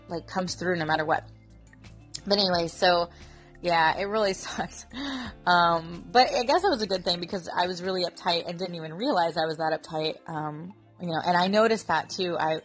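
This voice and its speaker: Woman, 30s, slightly low voice, rambling chatty vlog storyteller, faint music bed. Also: fairly bright tone. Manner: chatty, rambling, filler-heavy. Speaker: mother and Daisy troop leader.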